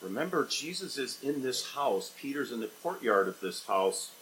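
A male preacher with an ordinary mid-range voice delivers an expository sermon. He swings between forceful, emphatic outbursts and quiet, low-key scripture reading. A faint background hiss sits under the recording. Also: very animated, normal speed, poor audio.

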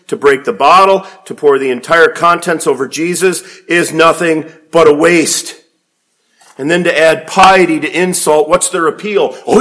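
A man preaching a sermon, swinging from quiet low passages to emphatic raised peaks. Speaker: pastor.

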